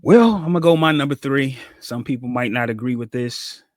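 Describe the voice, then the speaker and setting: Guy, podcast co-host, mid pitch, dry close sound, lively storyteller. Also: fairly quick, no echo. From Cincinnati, USA. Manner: animated storytelling, acts out quotes. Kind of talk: casual chat.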